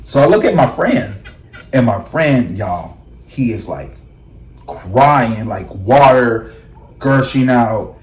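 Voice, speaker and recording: A man hosting a casual tarot vlog, telling personal stories in a lively way and breaking into laughs. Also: slow pace. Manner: animated, laughs, acts out quoted voices in high shrieks. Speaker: tarot reader and vlog host. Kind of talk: casual storytelling to viewers. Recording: echoey room.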